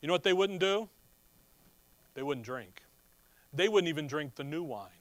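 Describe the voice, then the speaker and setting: A man preaching a sermon, reading scripture and explaining it in a folksy, animated way. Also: on the high side, moderate pace, no echo.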